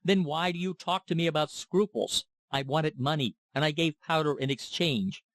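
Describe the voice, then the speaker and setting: A man's voice: a little high, moderate pace, no room sound, lightly acted. A man voicing a drunken, blustering middle-aged trader who rants and slurs. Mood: ranting.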